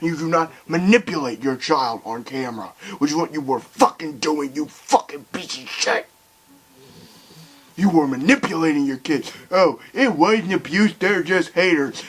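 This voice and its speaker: A young man ranting heatedly to camera, swearing often and swinging between loud outbursts and quiet bitterness. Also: a little high, breathy edge, low-quality recording. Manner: heated, swearing, voice rising and falling sharply. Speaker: video commentator. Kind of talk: angry rant to camera.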